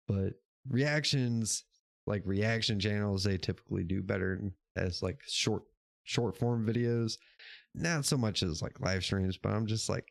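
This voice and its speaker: A man's voice: lowish voice, a little slow, gravelly, no room sound. A man hosting a casual livestream show, chatting with his chat in a laid-back, rambling way, swearing now and then and laughing often. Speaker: podcast host reading live chat.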